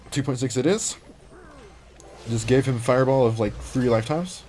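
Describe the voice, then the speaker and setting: A man's voice: mid-range voice, moderate pace, a little mellow, a little hiss or hum. A young man livestreaming a mobile game, chatting casually, reading chat and reacting to plays.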